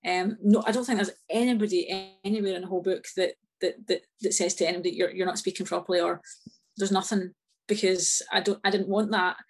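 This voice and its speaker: A woman with a Scottish accent, an author chatting as a podcast guest, talking in quick restarts and repeated words. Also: mid-range voice, fairly even intonation. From Scotland. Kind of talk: casual interview chat.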